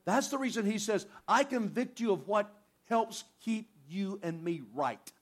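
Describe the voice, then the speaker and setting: A man preaching a sermon, reading scripture and acting out prayers in an animated, conversational way. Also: high-pitched, a little slow. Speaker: pastor.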